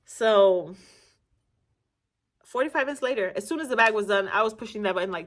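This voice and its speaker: Speaking a little fast with frequent pauses, this young Nigerian vlogger has a medium-pitched voice. She recounts something that happened to her, laughing a lot and imitating the voices of the people involved.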